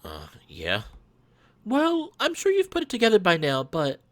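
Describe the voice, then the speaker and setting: A man's voice: high-pitched, huge pitch swings, moderate pace, fairly bright tone, exaggerated voice. A man voicing a friendly, earnest young male cat in a visual novel read-along. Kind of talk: reading a visual novel aloud.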